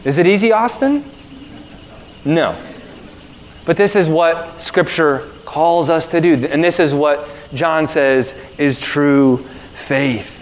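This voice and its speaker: Male pastor, high voice, slow earnest sermon, reverberant church hall. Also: slight background noise. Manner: earnest, emphatic preaching with repetition.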